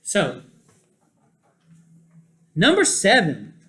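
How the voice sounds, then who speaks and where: A man lecturing a class on scripture, taking his time and drawing out the words he wants to stress. His voice sits high and sounds bright. The recording has a roomy echo, as in a classroom. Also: wildly swooping pitch. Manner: deliberate, stretches key words for emphasis. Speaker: teacher.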